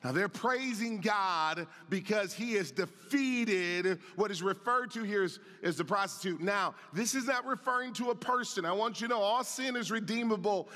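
A man's voice: high-pitched, moderate pace, few pauses, pushed and bright. A man preaching a sermon as pastor, with a passionate delivery that lifts into a sing-song cadence. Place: church sanctuary. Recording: reverberant church hall.

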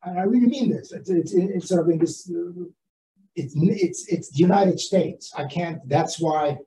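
An older man speaking as an author at an academic seminar, talking in a halting way with many restarts and fillers. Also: high-pitched, mellow. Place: seminar room. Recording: roomy, distant from the mic.

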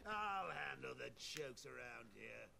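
A man's voice: medium pitch, lively intonation, slow, gravelly, bright, forceful tone, faint music behind, heavily acted. An actor playing a gleeful, sadistic male clown villain in a video game cutscene, with mocking sing-song taunts. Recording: game audio under gameplay noise.

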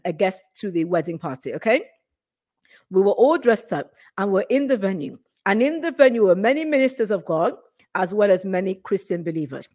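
A middle-aged woman delivers a prophetic sermon in an urgent, insistent voice, pressing the same questions again and again. Her voice sits somewhat high for a woman and grows fervent as she exhorts. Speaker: preacher sharing a prophetic word.

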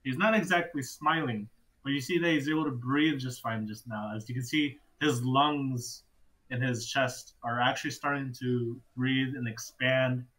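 A man's voice: medium pitch, fairly even intonation, fairly bright tone, poor audio. Young man narrating as game master. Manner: loose, halting narration with frequent restarts.

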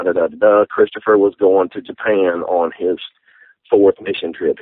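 A man, telling a personal testimony in an interview, halting and heartfelt, with many fillers. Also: low-pitched, no room sound. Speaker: interview guest. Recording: tinny phone-like sound.

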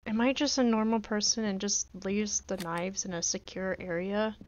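A woman's voice: mid-range voice, steady tone, moderate pace, dull audio, a little hiss or hum. A woman casually commenting on a game she plays, chatty and joking, talking to herself as she goes. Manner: chatty, talks to herself while playing, jokey pleading. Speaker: gaming video creator. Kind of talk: casual let's-play commentary.

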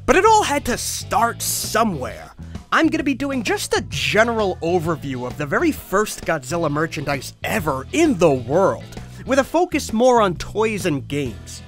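Male comedy host: animated, wry, exasperated, faint music underneath. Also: sits high, moderate pace. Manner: exasperated, jokey, voice cracking upward when flustered. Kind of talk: comedic toy history narration.

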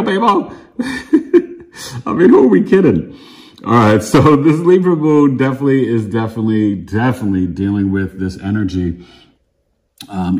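Deep-voiced emphatic man in his fifties. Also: mellow. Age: 50s. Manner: emphatic, repetitive, street slang. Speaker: astrologer. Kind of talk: casual direct-to-camera monologue.

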